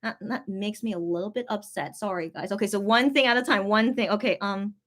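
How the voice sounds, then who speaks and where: A young woman hosting a casual livestream, reading viewer comments aloud and reacting with sudden loud outbursts and quiet mutters. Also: medium pitch, fairly quick, hardly any pauses. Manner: excitable, swings between loud outbursts and soft mutters. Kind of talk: casual live-stream chat.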